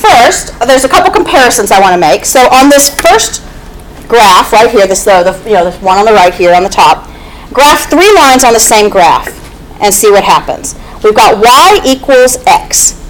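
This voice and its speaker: A woman's voice: a little high, lively intonation, normal speed, a little hiss or hum, rough recording. A woman teaching a math class, explaining step by step and often checking in with "okay?". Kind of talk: classroom lecture.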